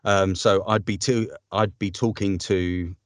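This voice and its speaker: Low-voiced man, voice actor guest. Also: steady tone, a little slow, dry recording, clean studio sound. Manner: chatty, upbeat, with frequent ums and laughs. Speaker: voice-over artist guest. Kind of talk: casual interview conversation.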